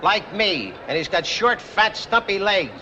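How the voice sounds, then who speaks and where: A man's voice: fairly high pitch, lively intonation, moderate pace, pushed and bright. An actor playing a short, dumpy male police detective who speaks bluntly in street slang, in 1940s film comedy style. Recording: noisy lo-fi old film soundtrack.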